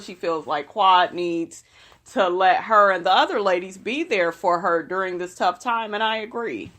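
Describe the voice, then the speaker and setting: A young woman chats through a reality show episode. She is sassy and swears freely, with a voice of middle pitch. Her talk is casual, quick and full of asides. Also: a bit bright. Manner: sassy, profane, chatty.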